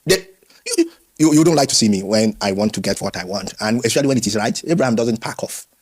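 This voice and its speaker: Guy, ex pastor, talks fast and animated, kinda husky voice. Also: lowish voice. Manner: animated storytelling, acts out quoted voices, frequent restarts. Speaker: former pastor, interview guest. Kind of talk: candid conversational interview.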